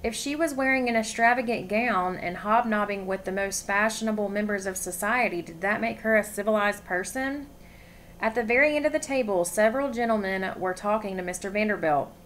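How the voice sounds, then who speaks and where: A woman reading a novel aloud with expression, pausing to ask her listeners questions. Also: medium pitch, a bit bright, slight background noise. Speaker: story reader.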